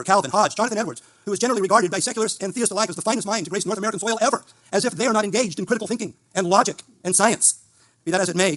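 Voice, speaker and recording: A man giving a formal, gently ironic closing statement at a debate event. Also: high-pitched. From Italian heritage.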